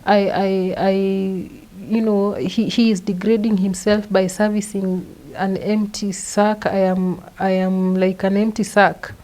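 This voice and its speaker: A young adult woman with a Kenyan accent, a guest recounting her own story in halting, step-by-step speech with frequent repeated words. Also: mid-range voice, level tone, mellow, low-quality recording. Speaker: interview guest. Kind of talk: personal testimony.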